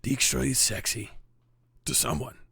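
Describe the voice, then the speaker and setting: A man voicing a solemn fantasy-drama narrator with a deadpan, overly serious delivery. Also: medium pitch, measured pace, gravelly, slightly rough, no room sound, studio quality, voice pushed down, full character voice. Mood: mock solemn.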